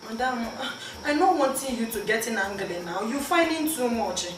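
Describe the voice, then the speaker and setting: An actress playing a clumsy comic house help who speaks broken English with a Nigerian accent. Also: female voice, fairly high pitch, animated, moderate pace, background noise, close to an everyday voice.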